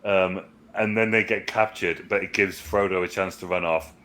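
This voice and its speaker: A man's voice: sits low, fairly even intonation, normal speed, fairly bright tone. A man co-hosting a casual movie review chat, rambling and swearing as he recounts scenes. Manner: rambling, swears, quotes film lines in put-on voices. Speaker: podcast co-host.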